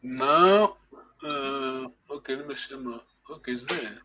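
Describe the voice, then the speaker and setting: A man's voice: medium pitch, measured pace, lo-fi sound, slight background noise. A man from Congo, teaching a live online language lesson over a video call. He explains patiently and repeats words for his students to echo.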